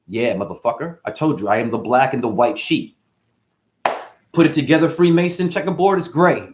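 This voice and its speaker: A man delivers freestyle spoken-word rhymes, chaining puns in a restless stream-of-consciousness flow. His delivery lurches from low, quiet mutters to abrupt high-pitched bursts, his voice sitting at an ordinary male pitch in between. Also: lively intonation, moderate pace.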